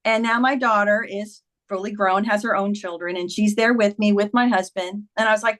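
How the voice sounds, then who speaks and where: A woman in her fifties, a guest author, animatedly retelling a personal story in a casual interview with lively quoted voices. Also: medium pitch, normal speed, hardly any pauses.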